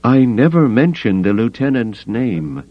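A man's voice: mid-range voice, very animated, unhurried, dry recording, lo-fi sound, pitched above the performer's own voice. A man voicing a cold, suspicious male leader with clipped speech.

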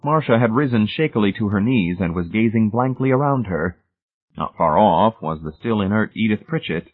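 Husky male narrator on a tinny line. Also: lowish voice. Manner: steady, measured reading. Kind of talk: audiobook narration. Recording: tinny phone-like sound.

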